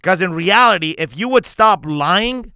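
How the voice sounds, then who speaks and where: A man's voice: high-pitched, animated, measured pace, pushed and bright, clean tone, dry recording, clean studio sound. A man hosting a podcast as a coach, talking intensely and emphatically with heavy swearing. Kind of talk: candid podcast conversation.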